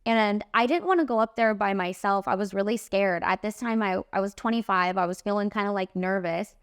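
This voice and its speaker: A woman in her late twenties, a podcast host and makeup artist, telling a story in an animated, emphatic way, full of "like" and "literally.". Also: mid-range voice, brisk, smooth, no echo, clean studio sound. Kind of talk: casual storytelling monologue.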